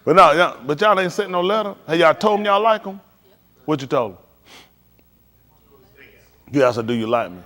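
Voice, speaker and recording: A man's voice: sits high, expressive, normal speed, pauses often, pushed and bright, big-room sound. A middle-aged man, a preacher, giving casual advice on a live stream, telling stories in vernacular and laughing as he goes.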